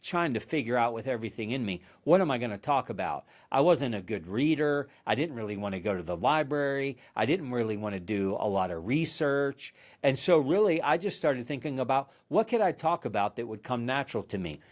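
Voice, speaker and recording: A man hosting a podcast, giving a motivational leadership talk in an earnest storytelling manner, often restarting and repeating words. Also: medium pitch. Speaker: podcast host.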